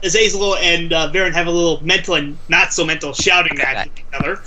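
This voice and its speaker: High, bright-voiced male game master. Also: steady tone, fast talker, a little hiss or hum, rough recording. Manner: rambling, many restarts. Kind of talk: narrating a tabletop game.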